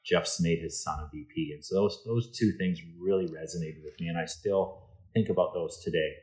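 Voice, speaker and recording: A man's voice: low-pitched, normal speed, low-quality recording. A middle-aged man, an insurance executive, telling stories on a podcast and acting out the dialogue. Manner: animated anecdotes, acts out quoted dialogue. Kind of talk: casual storytelling interview.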